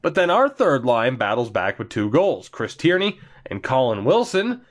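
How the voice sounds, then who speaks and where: Man, gaming commentator, chatty, excitable, recovering from being sick. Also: mid-range voice, normal speed. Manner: chatty and excitable, laughs often. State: getting over being sick. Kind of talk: video game let's-play commentary.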